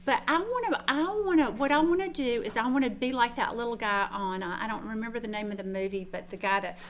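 Teaching a group in an informal sermon, this woman tells stories in a chatty, self-deprecating manner, frequently starting her sentences over. She talks quickly in a slightly high voice.

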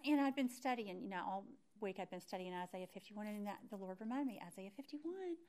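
A middle-aged woman teaching a Bible study through a personal story, animated and acting out her own thoughts as she tells it. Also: mid-range voice, fairly quick.

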